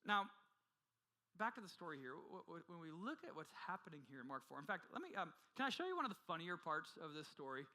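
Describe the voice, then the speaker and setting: A male pastor preaching a sermon with passion, swinging from loud urgency to hushed intensity and often restarting his phrases. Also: on the high side, very animated, fast talker, poor audio. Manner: frequent repeated restarts. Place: church.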